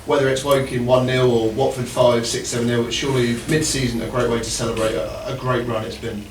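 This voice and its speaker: Flat-voiced journalist asking from afar. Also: male voice, mid-range voice, brisk. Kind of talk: press conference question. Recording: echoey room, far from mic, faint noise.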